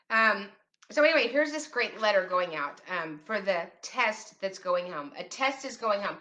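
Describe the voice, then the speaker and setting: Speaking at medium pitch in a bright, forceful tone, a middle-aged special education advocate hosts a parents' rights show. Her casual talk to camera is peppered with sarcastic, teasing asides.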